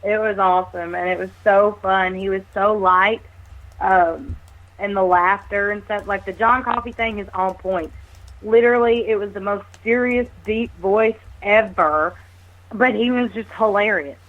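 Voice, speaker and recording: A woman's voice: mid-range voice, unhurried, lo-fi sound. A woman speaking cheerfully and enthusiastically as a guest medium on a radio talk show. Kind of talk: casual chat on a radio show.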